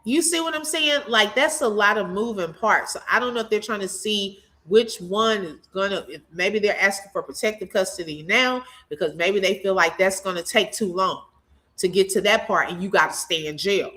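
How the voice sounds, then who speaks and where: A woman hosting a casual live commentary, chatty and quick to laugh as she reads out viewer comments. Her voice is bright and forward, pitched in an ordinary middle range. She talks straight to her audience like she's catching up with friends. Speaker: channel host reacting to a court case.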